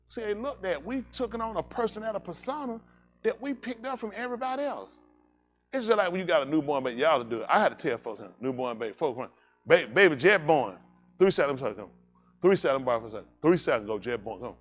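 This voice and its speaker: An animated male pastor preaching a sermon in loose, casual vernacular, joking with his congregation as he goes. His voice sits a touch high and swings widely up and down. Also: quick pace.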